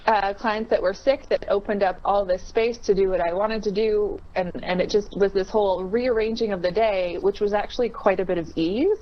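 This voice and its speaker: A woman's voice: mid-range voice, steady tone, normal speed, hardly any pauses. A woman guesting on a casual podcast chat, reflective and rambling as she thinks aloud. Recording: dull lo-fi sound with faint noise.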